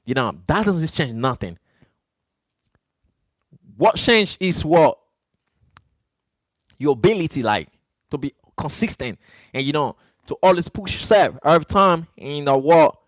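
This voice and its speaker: A man's voice: fairly high pitch, lively intonation, unhurried, long pauses, no echo. Emphatic non-native English-speaking man livestreaming. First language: not English. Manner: repetitive, emphatic, talks straight to chat. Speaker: livestream host. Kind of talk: live-stream monologue.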